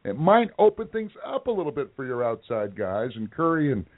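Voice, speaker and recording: A man co-hosting a sports talk show in casual chat, halting with many fillers and restarts. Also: mid-range voice, big pitch swings. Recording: tinny phone-like audio.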